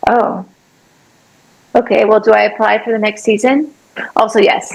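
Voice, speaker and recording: A woman guest sharing a faith testimony in conversation, animated and acting out her own prayers with sudden leaps in pitch. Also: a little slow, long pauses, rough recording. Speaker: podcast guest, artist and obstacle-course athlete.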